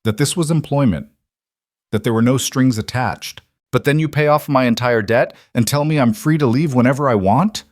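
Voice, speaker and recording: A man's voice: mid-range voice, normal speed, no echo, clean studio sound, pitched above the performer's own voice, lightly acted. A man voicing a wary, frightened widowed frontier mother whose guarded voice rises and breaks. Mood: demanding. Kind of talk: audiobook character reading.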